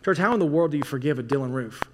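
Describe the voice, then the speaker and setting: A pastor preaches a sermon in a fairly high, animated voice, racing along in a casual, conversational style packed with "like" and restarts. The recording carries a long hall reverb and faint noise.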